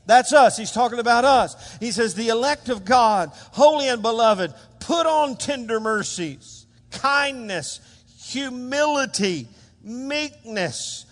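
High-voiced pastor preaching in a reverberant hall. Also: male voice, takes it slowly. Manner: animated, calls for congregation responses. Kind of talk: sermon. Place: church sanctuary.

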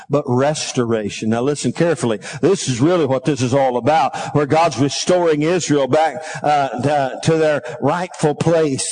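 High-voiced man preaching a sermon. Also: darkish tone, poor audio. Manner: reads scripture aloud, calls on the congregation. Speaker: pastor.

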